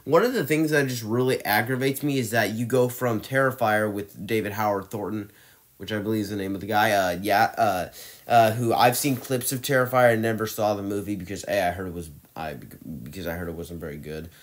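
A man with a somewhat low voice talks through his movie rankings off the cuff. He rants with exasperation, trips over his words and restarts his sentences as he goes. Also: fairly quick. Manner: ranting and exasperated, with frequent restarts and fillers. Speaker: movie reviewer. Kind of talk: opinionated movie ranking monologue.

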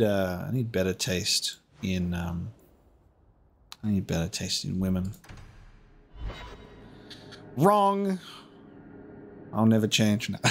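A man's voice: fairly low pitch, a little mellow, a little hiss or hum. A man giving casual gameplay commentary, chatty and self-mocking, swearing and laughing often. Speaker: let's play gamer. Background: faint game music.

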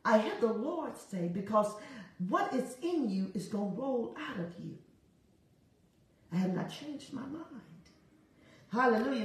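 A woman delivering a prophetic word on a prayer broadcast, animated and laughing often, repeating phrases in a rhythmic preaching cadence. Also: fairly high pitch, very echoey, recorded from a distance. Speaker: prophetic minister.

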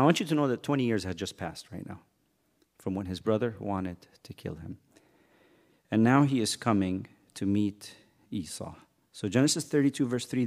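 A man's voice: medium pitch, darkish tone. A man teaching a casual youth Bible lesson in a church hall, joking and quizzing the kids as he retells the story.

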